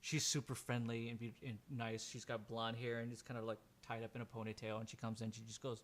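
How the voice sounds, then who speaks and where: A man's voice: mid-range voice, flat delivery, a little fast, hardly any pauses. A man running a tabletop role-playing game as game master, narrating in a casual way with many fillers and restarts.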